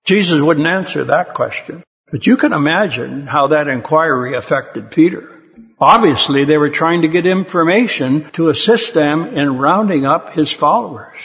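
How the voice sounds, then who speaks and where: A man preaching a sermon in a fairly high voice, telling scripture as a vivid story and rising sharply for the quoted lines. The recording is dull and lo-fi with a long reverb trailing each phrase. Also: fairly bright tone. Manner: dramatic storytelling, voicing quoted lines with emphasis.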